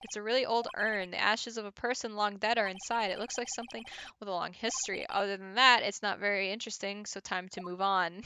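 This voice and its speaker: A woman's voice: medium pitch, pushed and bright, slight background noise. A woman streaming a game from home, chatting casually with viewers and reading game text aloud with little laughs.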